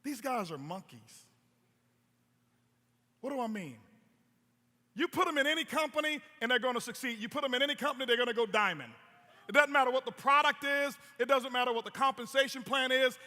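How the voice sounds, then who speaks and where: A male motivational speaker tells stories on stage, emphatic and repeating his words. His very high voice is bright and forceful, fairly quick but with frequent pauses, and the sound has a long hall reverb.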